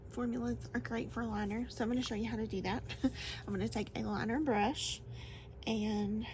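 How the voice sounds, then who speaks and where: Woman doing a chatty makeup tutorial, kinda high voice, gushy, little bit of background hiss. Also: darkish tone. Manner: chatty and gushing, laughs often. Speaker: beauty vlogger. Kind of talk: casual makeup tutorial chat.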